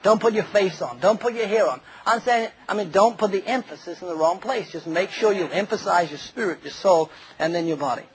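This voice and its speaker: A man's voice: high voice, brisk, slightly rough, poor audio. A man preaching a humorous sermon, telling stories and acting out the quoted voices of others. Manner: jokey, storytelling, acts out quoted voices.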